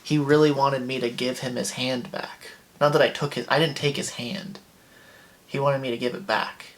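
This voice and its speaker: A young man hosting a comedy show, telling a dating story in a dry, deadpan way. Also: medium pitch, normal speed, slight background noise. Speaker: comedian host.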